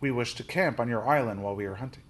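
A man voicing a blunt, bargaining Russian sea captain in a storybook, speaking slowly and brusquely. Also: mid-range voice, close to an everyday voice.

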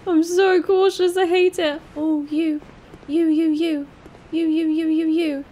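A woman doing excitable, jumpy commentary while playing a game. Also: very high voice. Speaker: gaming streamer. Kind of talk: let's play commentary.

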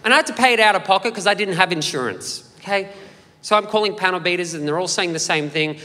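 A man's voice: sits high, quick pace, in a large hall. A young man in his late twenties with an Australian accent, telling stories in a stand-up comedy set and slipping into character voices. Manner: animated storytelling, switching into character voices. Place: comedy venue stage.

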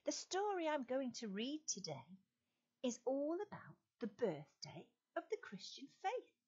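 An English woman leading a children's Sunday school lesson, quizzing and storytelling in a slow, sing-song way with exaggerated rises. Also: sits high, huge pitch swings, darkish tone, slightly rough, lo-fi sound.

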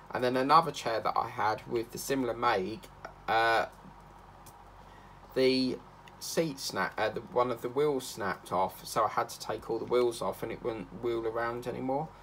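Chatty man with a gravelly voice. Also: mid-range voice, fairly bright tone, a little hiss or hum. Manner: rambling, chatty, breaks into snatches of song. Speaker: craft channel host. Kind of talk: casual chat while crafting.

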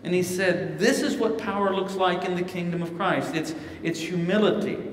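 Recorded at a distance in a large, echoey conference hall with a bit of hiss or hum, a high-pitched keynote pastor from Missouri, United States, speaks at normal speed. His Q&A answer is preaching-style, full of storytelling and scripture quoted in lively voices.

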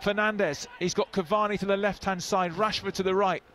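A man giving live football commentary, bursting into excited shouts at goals. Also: high-pitched, fairly quick. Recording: broadcast commentary over loud crowd noise. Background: stadium crowd.

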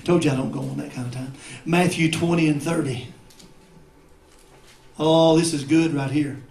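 A male pastor preaching a sermon, rising to shouted climaxes and dropping to quiet asides. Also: on the high side, fairly even intonation, normal speed. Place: church. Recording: echoey church sanctuary.

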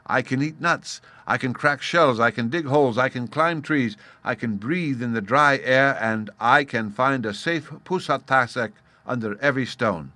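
A man's voice: medium pitch, normal speed, hardly any pauses, bright, forceful tone, no echo, natural voice. Man voicing a demanding giant crab. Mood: boastful. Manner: demanding, wheedling. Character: proud soft-shelled giant crab, demanding.

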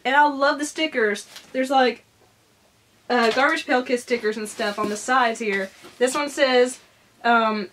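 A woman's voice: a little high, unhurried, fairly bright tone. A young woman chatting casually in a vlog, bubbly and gushing as she opens a package. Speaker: YouTuber opening a fan package.

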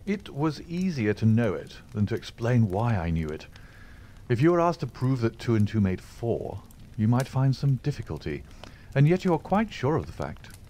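A man reading aloud and voicing a brusque, lazy male detective who talks in a calm, dry, offhand way. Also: medium pitch, moderate pace, a little hiss or hum, lightly acted.

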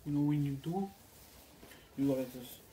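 A man's voice: a little high, moderate pace, warm tone, a little hiss or hum. A man telling a rambling, crude story in a casual way, acting out the others in it. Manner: meandering and crude, acts out other voices in quotes. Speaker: vlogger.

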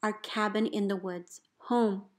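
A woman, a teacher, reading a picture book aloud in an expressive storybook voice, calling out the commands with gusto. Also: mid-range voice, a little slow. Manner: expressive, calls out dog commands loudly.

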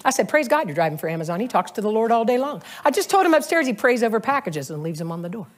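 A middle-aged woman preaching a sermon, telling stories with laughter and animated energy. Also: a little high, quick pace. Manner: animated, storytelling, frequent laughs. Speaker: pastor.

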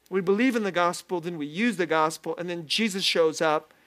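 A man preaching a sermon as pastor, lively and self-deprecating, often laughing as he talks. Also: high-pitched. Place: church sanctuary.

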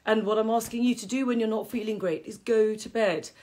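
A woman's voice: on the high side, fairly even intonation, fairly quick, a little mellow. A middle-aged woman, teaching a casual live-streamed qigong class in a chatty, rambling way with frequent laughter. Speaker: qigong teacher and health host.

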